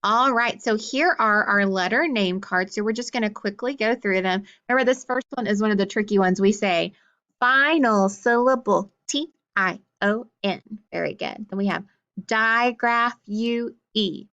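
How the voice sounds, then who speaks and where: A woman's voice: medium pitch, a bit bright, lo-fi sound. A woman teacher leading a phonics drill, saying sounds and letters one at a time. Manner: slow, deliberate letter-by-letter recitation.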